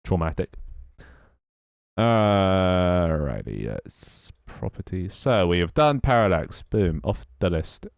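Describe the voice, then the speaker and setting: A young man with a British accent talks loosely and wryly as he works through tasks on his game. His voice sits low, and the sound is dry and close, with no room echo. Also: expressive, measured pace, gravelly, few pauses. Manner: rambling, wry, self-mocking. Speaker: game developer streamer. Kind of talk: casual live-stream chat while working.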